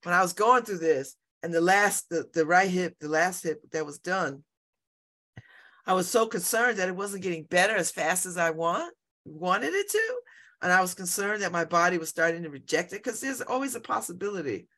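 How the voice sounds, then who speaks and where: A woman in her fifties hosts a show and talks casually to her listeners, rambling from one story to the next. Her voice is bright and forceful, and she laughs often and repeats herself as she goes. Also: on the low side, lively intonation, normal speed. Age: 50s. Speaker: show host. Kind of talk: casual personal chat.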